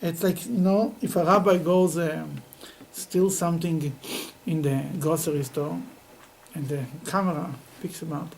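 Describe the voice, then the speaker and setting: A middle-aged man, a rabbi, teaching a Talmud class in an animated storytelling way, often laughing and repeating words. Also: a little high, unhurried, gravelly, slight background noise, rough recording.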